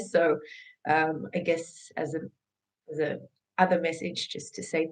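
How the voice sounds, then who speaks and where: A woman's voice: lowish voice, rough recording. A woman with an Australian accent, a fitness instructor speaking earnestly and emotionally in a candid personal vlog. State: tearful, emotional.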